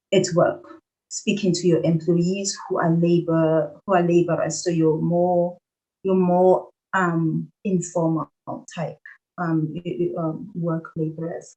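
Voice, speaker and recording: A woman's voice: fairly low pitch, unhurried, lo-fi sound. Chatty South African woman guest. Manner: animated, laughs often, many restarts. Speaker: podcast guest. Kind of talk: conversational interview.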